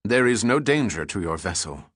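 A stern, battle-hardened male commando speaks in a crisp Hebrew accent, as a man reads him aloud. His words come slow, clipped and commanding, and the voice sits low. It is an audiobook reading in a dry booth. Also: big pitch swings, fairly bright tone, no echo, full character voice.

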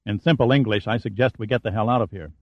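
A man reading a grave, quietly urgent pilot. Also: fairly low pitch, fast. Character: tense, quietly urgent male helicopter pilot. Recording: dull, dry audiobook recording.

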